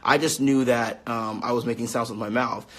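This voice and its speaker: A man's voice: mid-range voice, fairly even intonation, normal speed, a bit bright. A man in his late twenties chatting casually on a live stream, answering fan questions, upbeat and full of fillers. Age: 20s. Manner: chatty and upbeat, many fillers, laughs easily.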